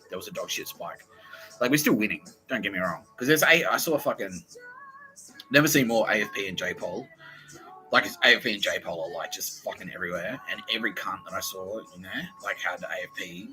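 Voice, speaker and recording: A man's voice: sits low, pushed and bright, low-quality recording. A young Australian man hosting a podcast, telling a heated, profane story in a rambling casual monologue. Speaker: podcast host.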